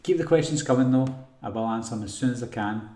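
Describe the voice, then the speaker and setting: A man's voice: medium pitch, fast talker. A man hosting a casual live Q&A for a horror channel, reading chat questions and answering in a rambling way with lots of ums. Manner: relaxed, rambling, frequent ums and throat clearing. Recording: roomy echo.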